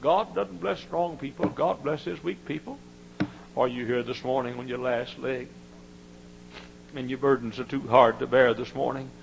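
Gravelly male preacher swinging hushed to loud. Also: mid-range voice, normal speed, noisy background. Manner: dramatic swings from hushed to shouting; emphatic repetition. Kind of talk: sermon.

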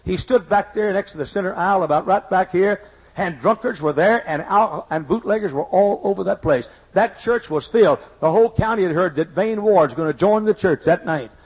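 A man's voice: sits high, normal speed, a little mellow, slightly rough, muffled recording. An older man preaching a sermon, telling stories emphatically and repeating his key lines, with folksy asides. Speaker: pastor. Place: church sanctuary.

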